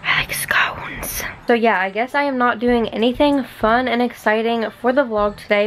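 A young woman vlogging at home in her bedroom, chatty and gushing, with lots of "like" in her speech. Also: fairly high pitch. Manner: gushing and excitable, heavy use of "like". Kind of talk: casual vlog chat.

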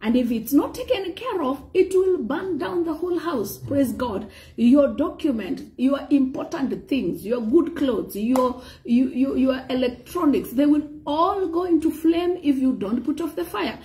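Woman preacher, high lively voice, mellow tone, animated sermon. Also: measured pace. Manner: animated preaching, mixing in Swahili phrases and frequent "praise God".

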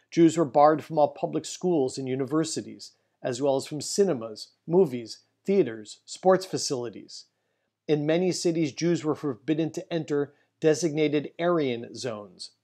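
A man, a rabbi, giving a solemn Holocaust history presentation, telling a family story and slowing down for emphasis. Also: on the high side, darkish tone.

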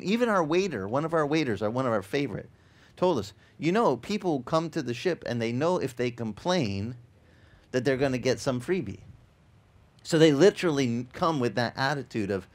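A middle-aged male pastor preaching in a relaxed, conversational way, acting out the people in his stories. His voice sits a bit high for a man and swings widely in pitch as he tells them. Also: fairly quick. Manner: animated, acts out quoted voices, repeats words. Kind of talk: conversational sermon with storytelling. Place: church in Hawaii.

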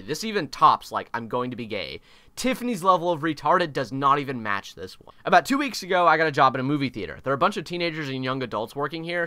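A young man narrating an animated storytime video in an exaggerated, swearing, animated way. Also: mid-range voice, dry recording. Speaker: YouTube storyteller.

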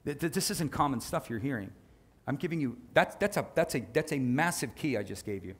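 A male pastor preaching a sermon in a lively, conversational way, with quick asides and sudden shifts in volume. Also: mid-range voice, slightly rough.

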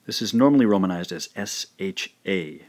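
Deep, expressive and a little mellow, this man's voice leads a scripted language lesson. He works through slow, careful pronunciation drills, sounding out each syllable individually.

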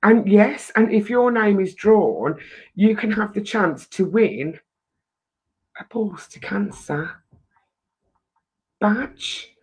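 A woman with an English accent hosts a casual live-stream chat, talkative, emotional, and lightly swearing. Her medium-pitched voice is animated yet slow, with long pauses, a little mellow and slightly rough.

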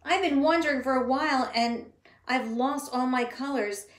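A woman voicing a shy, lonely little male unicorn from a storybook, in a high, pleading voice. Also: moderate pace, roomy sound, close to an everyday voice. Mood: hopeful.

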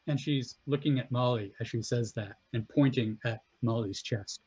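A man narrating as game master of a tabletop game, halting and restarting as he describes scenes. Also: mid-range voice, steady tone, a little mellow, breathy edge, highs cut off. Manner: halting, full of fillers and restarts.

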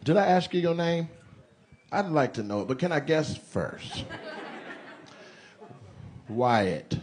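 A man's voice: on the high side, sing-song, slow, a little hiss or hum. A man doing stand-up crowd work, teasing audience members with playful banter on a comedy club stage. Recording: live club with loud crowd. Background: audience laughter.

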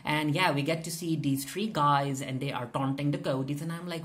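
A woman's voice: deep voice, fairly even intonation, moderate pace, hardly any pauses. A woman casually recapping a TV episode, chatty and full of filler sounds and restarts, acting out characters' lines as she retells scenes. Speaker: TV recap reviewer.

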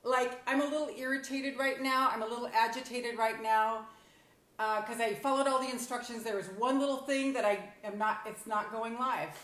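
A woman's voice: a little high, steady tone, moderate pace, fairly bright tone. A middle-aged woman hosting a casual live stream from her phone, chatty and bubbly, often laughing. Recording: echoey room on phone mic.

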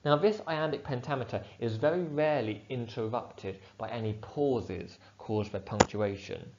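A male teacher giving a measured, clear explanation of a poem, with the odd filler. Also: medium pitch, darkish tone, a little hiss or hum. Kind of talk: poetry analysis lesson. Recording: dull lo-fi sound.

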